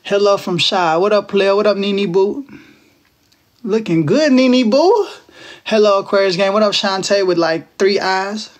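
A man's voice: high voice, expressive, measured pace. A man in his twenties from Texas, chatting casually and teasing viewers on a phone livestream, with playful, slangy banter. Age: 20s. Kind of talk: casual live-stream chat with viewers.

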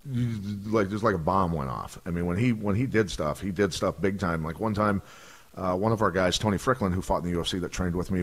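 A man, a retired fighter telling profane stories on a podcast and acting out the voices of the people in them. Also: sits low. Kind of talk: casual storytelling.

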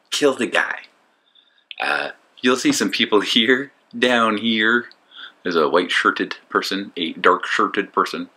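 Man, vlog voice-over, deep voice, bright tone, self-mocking, rambling. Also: husky. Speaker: disc golf vlogger. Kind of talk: casual voice-over commentary.

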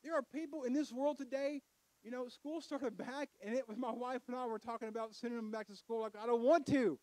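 A middle-aged man preaching a folksy sermon in church, building to loud emphatic peaks. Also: very high-pitched, steady tone, fairly quick, no room sound, rough recording.

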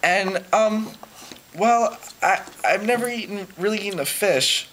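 A man voicing a timid female fish who speaks in a hesitant, halting way. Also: high voice, fairly bright tone, rough recording. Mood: shy. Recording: hissy home video recording.

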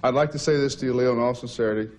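Deadpan man giving a mock-sincere roast. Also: mid-range voice, racing, slight background noise. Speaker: roast speaker.

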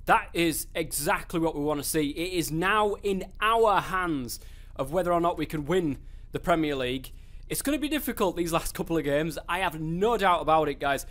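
A young English man giving live commentary over a football video game. He gets excitable and swears a lot, shouting at the game. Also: on the high side, moderate pace. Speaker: gaming YouTuber. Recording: faint background noise.

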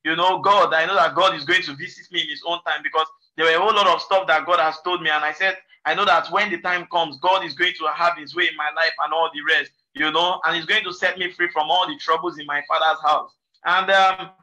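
A man's voice: high voice, bright, forceful tone, low-quality recording. A male pastor from Nigeria preaching a sermon in a conversational, repetitive way, full of "you know" and "and all the rest".

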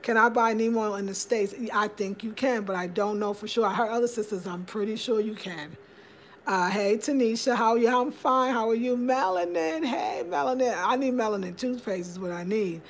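A woman's voice: on the high side, normal speed, a little hiss or hum. A woman hosting a casual livestream from home, chatting upbeat and greeting viewers by name as she reads their comments. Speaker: livestream host.

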